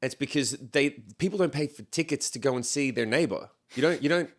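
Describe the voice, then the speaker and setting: Dude on a podcast, blunt opinions, cusses, does little voices when quoting people. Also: male voice, medium pitch, a little fast. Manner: opinionated, blunt, swears, acts out quoted voices. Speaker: podcast co-host. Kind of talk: casual chat.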